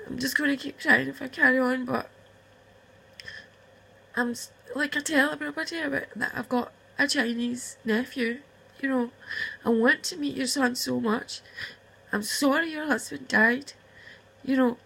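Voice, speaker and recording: A high, gravelly, tense woman's voice, upset and close to tears. She rambles through a heartfelt personal message to camera, talking straight to her sister and swearing now and then. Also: normal speed, long pauses, pushed and bright, low-quality recording. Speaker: vlogger addressing her estranged sister.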